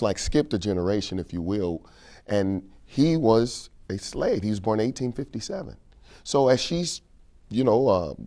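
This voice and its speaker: A man's voice: mid-range voice, dark tone. A man from St. Louis in an interview, telling stories and repeating phrases for emphasis. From St. Louis, Missouri. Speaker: keynote speaker and King speech performer. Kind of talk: interview conversation.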